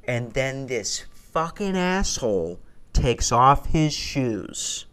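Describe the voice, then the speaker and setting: A man's voice: mid-range voice, very animated, takes it slowly, fairly bright tone, clear, resonant tone. A man in his twenties telling a rambling, profane stand-up story that builds into a worked-up rant. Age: 20s. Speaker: stand-up comedian.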